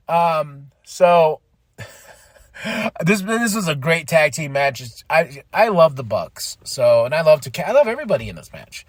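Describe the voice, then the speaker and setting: Man, podcast host, excitable wrestling recap, slightly high voice, dry close mic. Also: no echo. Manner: excited, laughing, acts out wrestlers' lines.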